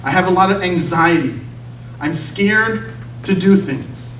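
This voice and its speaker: A man's voice: high-pitched, measured pace, a bit bright, recorded from a distance, slight background noise. A man giving an informal sermon-style talk in a church, speaking conversationally and often checking in with his listeners with "okay?" and "you see?". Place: church sanctuary. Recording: echoey church recorded from afar.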